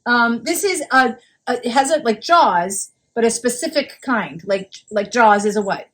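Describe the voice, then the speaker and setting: A woman's voice: on the high side, normal speed, fairly bright tone. A woman co-hosting a podcast, chatting casually and giving rambling clues with frequent giggles during a guessing game. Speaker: podcast co-host.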